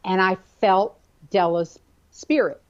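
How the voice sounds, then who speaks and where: A woman guest telling a personal story in an animated, expressive way during a conversation. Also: medium pitch, takes it slowly, dull audio.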